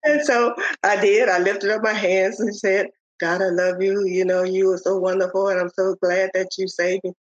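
An older woman speaks as an interview guest, slowly recounting her spiritual journey. Her mid-range voice often stalls on pauses and false starts. The recording is dry and dull, with a lo-fi edge. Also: mid-range voice, little pitch movement, no room sound. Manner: halting, with many pauses and restarts. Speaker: podcast guest. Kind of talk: telling a personal faith testimony. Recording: dull, lo-fi audio.

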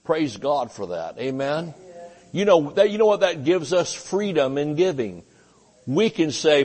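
A man's voice: on the high side, animated, moderate pace, a little mellow. A male pastor, preaching a sermon in a folksy, joking way and often saying amen.

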